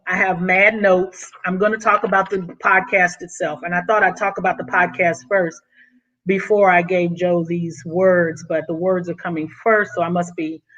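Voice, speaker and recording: A woman vlogging to her channel, excited and effusive, a little out of breath, often calling the listener honey. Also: on the low side, normal speed, highs cut off. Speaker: YouTube vlogger. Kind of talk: casual vlog monologue.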